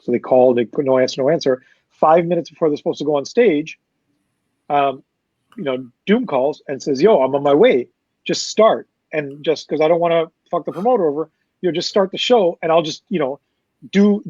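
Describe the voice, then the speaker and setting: Canadian man, fairly high voice, animated storyteller who acts out quotes, casual and profane; dry, slightly dull recording. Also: dry recording. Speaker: promoter telling a story.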